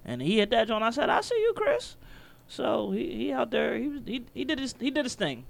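A man from Philadelphia co-hosting a sports podcast, chatting casually and getting excitable, with his voice jumping up when he is hyped. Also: very high-pitched, brisk, creaky.

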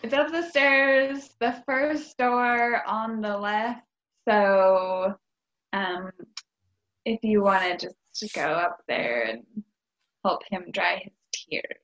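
A woman's voice: medium pitch, takes it slowly, a bit bright, lo-fi sound. A woman co-hosting a comedy podcast, speaking playfully and hesitantly in an improv sketch. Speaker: podcast co-host.

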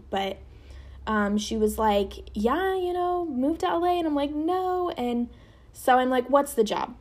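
A young woman in her twenties hosts a podcast, telling a personal story casually and chattily with lots of fillers, her voice jumping high whenever she quotes people. She speaks with vocal fry in a darkish tone.

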